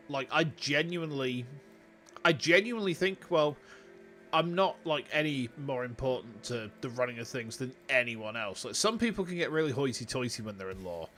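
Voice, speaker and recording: A man's voice: medium pitch, bright, forceful tone, slight background noise. A young man with a Yorkshire accent, chatting casually to his viewers as he plays a city-building game. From Yorkshire, England. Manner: chatty, rambling, talks to chat. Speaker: VTuber streamer. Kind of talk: casual live game commentary.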